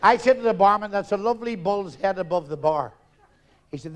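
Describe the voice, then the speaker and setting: This is a middle-aged man doing live stand-up. He speaks in a high, lively voice and delivers quick, brash punchlines. He slips into each character as he tells the joke. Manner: rapid-fire punchlines, loud and brash, acts out characters. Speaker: stand-up comedian. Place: theatre stage, audience laughter.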